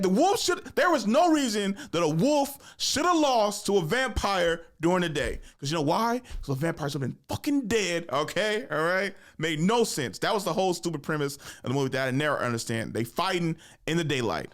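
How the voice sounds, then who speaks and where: A man hosting a podcast in animated, profane casual chat, laughing often. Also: sits high, moderate pace, hardly any pauses. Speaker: podcast host.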